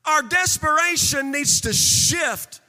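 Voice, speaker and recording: A pastor delivers a fervent sermon in a very high, bright, ringing voice, his sing-song words swelling into chanted, shouted peaks before settling back at an unhurried pace. Long reverb suggests a large church sanctuary, with faint music in the background.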